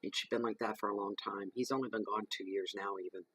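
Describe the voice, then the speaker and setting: Man, lowish voice, tarot reader, rambling chat to camera, soft murmured invocations, camera mic at home. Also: fairly even intonation, fast talker, slightly rough, dry recording, low-quality recording. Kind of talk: casual chat to camera during a tarot reading. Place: at home in the evening. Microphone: camera microphone.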